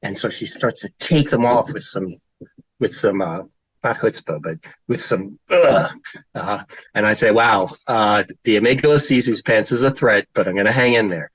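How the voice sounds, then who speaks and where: A man's voice: fairly low pitch, moderate pace, a bit bright, husky, no room sound, poor audio. A middle-aged man who works as a child therapist, giving a presentation talk with slides and telling stories in an informal way with fillers, now and then putting on children's voices.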